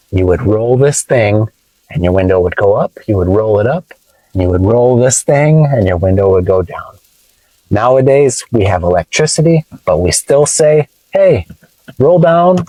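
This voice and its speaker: Low-voiced man teaching in a car. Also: a little mellow, dry recording, low-quality recording. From United States. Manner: playful, explains slowly with examples. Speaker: English teacher. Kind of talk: casual teaching vlog. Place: inside a car.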